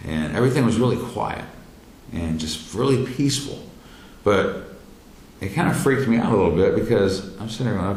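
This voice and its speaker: Low-voiced man telling a story. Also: animated. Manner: halting, many fillers and restarts, rising into shouted quotes. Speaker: speaker telling his near-death experience. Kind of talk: personal storytelling talk. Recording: roomy echo, faint background noise.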